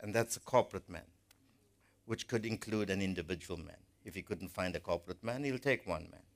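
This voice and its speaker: A man's voice: sits low, a little fast, slight background noise. A man preaching a sermon to his congregation, earnest and emphatic, often repeating words as he builds a point.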